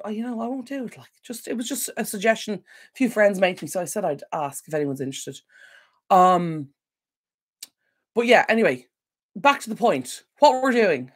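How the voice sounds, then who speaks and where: A woman chats through a home livestream at her desk mic, her voice sitting a little low. She rambles, apologizes often and loses her thread, sounding like she is still on the mend. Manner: rambling, apologetic, easily sidetracked. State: recovering from illness. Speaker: decluttering channel host. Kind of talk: casual livestream Q&A chat. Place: home room at a computer. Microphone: desk microphone.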